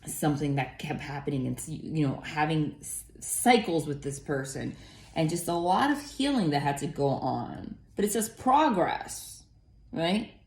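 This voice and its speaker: A woman's voice: low-pitched, lively intonation, a little slow, a little mellow. A woman giving a casual tarot reading in a chatty, rambling way, full of fillers and casual swearing. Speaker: tarot reader. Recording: roomy echo.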